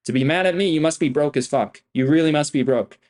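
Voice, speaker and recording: A man's voice: on the high side, fast talker, darkish tone. A young man streaming his trades live, boasting and swearing freely and repeating himself. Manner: boastful, profane, repetitive swagger. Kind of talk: live-stream trading commentary.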